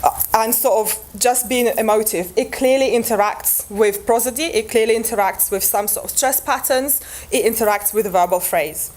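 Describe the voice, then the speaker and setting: Woman giving an academic talk, high voice. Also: normal speed, a little mellow. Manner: explanatory, with frequent restarts and fillers. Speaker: linguistics researcher presenting at a conference.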